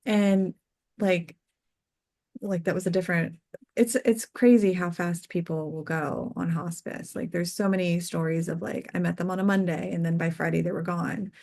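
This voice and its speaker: A woman working as a death doula, guest on an interview show, telling personal stories earnestly, full of "like" fillers, her voice going soft and quiet on tender points. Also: fairly low pitch, fairly even intonation, normal speed, vocal fry. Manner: earnest and heartfelt, peppered with "like" fillers. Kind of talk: casual interview storytelling.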